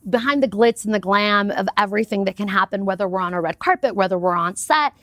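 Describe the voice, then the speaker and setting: A woman talking as a guest in a casual interview, with upbeat and expressive storytelling. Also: medium pitch, fast, no echo, clean studio sound. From United States. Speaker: podcast guest.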